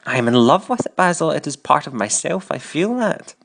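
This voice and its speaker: A man's voice: a little high, big pitch swings, a little fast, creaky, a bit bright, voice pushed up, heavily acted. A man reading an audiobook voices an impassioned young man with a raised, emotional delivery. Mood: fervent. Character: young man, passionate and devoted, infatuated.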